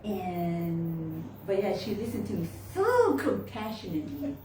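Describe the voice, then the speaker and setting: A woman minister with a lowish, dark, sing-song voice unhurriedly tells a story in her sermon, lilting, laughing often, and acting out her reactions. Slight background noise mixes with the echo of a temple hall, recorded from a distant mic.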